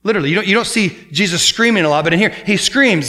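A man delivers a sermon in a high-pitched voice. His tone is bright and forceful. He swings between loud, emphatic exhortation and quieter, explanatory passages. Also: fast, hardly any pauses. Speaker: pastor.

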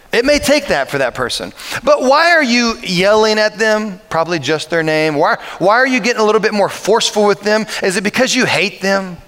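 A male pastor giving a humorous, lively sermon and asking the congregation questions. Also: high voice, in a large hall. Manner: humorous, lively, anecdotal preaching with audience questions.

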